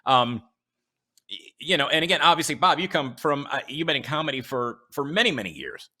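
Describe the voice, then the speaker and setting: A man hosting a casual podcast chat, speaking earnestly and haltingly, with many restarts and fillers. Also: fairly high pitch, expressive, sharp tone. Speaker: podcast host.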